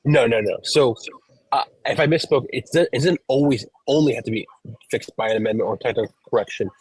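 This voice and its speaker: A man's voice: mid-range voice, brisk, darkish tone, slightly rough, dry recording, rough recording. A man co-hosting a podcast, explaining a topic at length in casual chat, walking through examples and often restarting his sentences. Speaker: podcast co-host, professional gambler.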